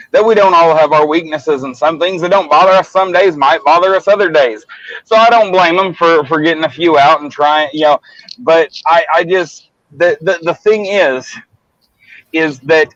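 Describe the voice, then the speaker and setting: A man's voice: fairly high pitch, fairly bright tone, dry recording. A man in casual livestream chat, talking bluntly and profanely, rambling with many restarts. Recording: muffled dry lo-fi audio.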